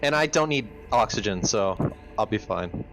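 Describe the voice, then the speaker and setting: A man playing a tabletop game, calm and brief in what he says. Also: fairly low pitch, moderate pace, faint music behind, rough recording. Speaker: player. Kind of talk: casual tabletop play.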